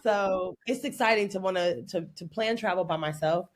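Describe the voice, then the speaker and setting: A woman from Oakland, California, a podcast guest telling stories in an animated, playful way and laughing often. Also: medium pitch, normal speed. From Oakland, California, USA. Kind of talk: casual interview chat.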